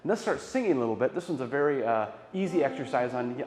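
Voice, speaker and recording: A man's voice: mid-range voice, animated, quick pace, few pauses, darkish tone, faint music behind. Encouraging male choir director in an echoey hall. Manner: encouraging, counts aloud and demonstrates. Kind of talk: guided vocal warm-up instruction. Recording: echoey hall with long reverb.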